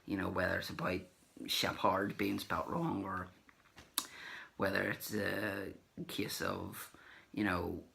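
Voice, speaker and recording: Male vlogger, deep gravelly voice with a bright edge, chatty and rambling, acts out the conversations he retells. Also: little pitch movement, slow, pauses often, slight background noise. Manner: rambling, acts out remembered dialogue. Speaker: collector vlogger. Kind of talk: casual anecdotal recap.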